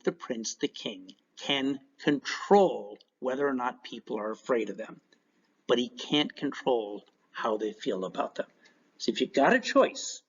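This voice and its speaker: A man teaching a recorded class lecture in an animated way, with joking asides. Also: mid-range voice, husky. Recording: dull lo-fi recording.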